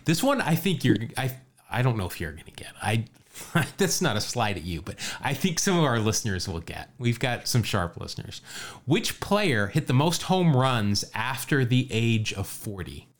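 A man's voice: medium pitch, very animated, normal speed. Man, podcast co-host, easygoing storyteller who laughs a lot. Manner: laughs often, storytelling with asides. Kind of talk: casual baseball history chat.

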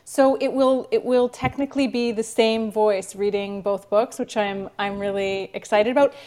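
A woman's voice: mid-range voice, steady tone, moderate pace, warm tone. Woman, author, casual interview, reflective, chatty, lots of fillers.

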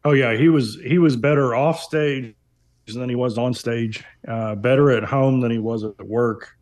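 A man speaking as a guest on an interview podcast, reflecting in a measured way with frequent fillers and repeated words. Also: mid-range voice, darkish tone. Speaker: guest, business owner. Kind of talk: interview conversation.

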